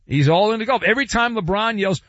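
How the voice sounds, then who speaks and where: A sports radio host riffing sarcastically, his fairly high voice swooping up and down with mock drama. The sound is dry and a bit dull, close on a studio mic. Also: expressive, fast talker, a bit bright, no echo. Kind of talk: casual sports talk radio monologue.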